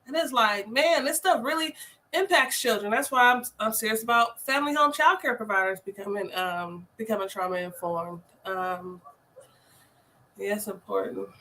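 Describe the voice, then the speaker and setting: Bright-voiced animated woman host. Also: medium pitch, normal speed, a little hiss or hum, rough recording. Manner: animated storytelling, slangy, lots of fillers. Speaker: host, family home child care provider. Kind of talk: casual live chat.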